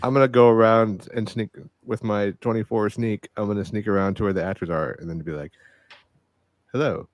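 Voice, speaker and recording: A man with a very low voice speaks as a player in a tabletop game. He is casual and matter-of-fact, and the sound is dry and close. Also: fairly even intonation, fast, few pauses, dry recording.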